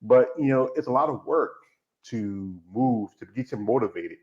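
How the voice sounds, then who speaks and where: A man's voice: mid-range voice, moderate pace, a little mellow. A man hosting an interview, chatting casually and rambling, with many fillers and restarts. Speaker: interview host. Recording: dull lo-fi sound.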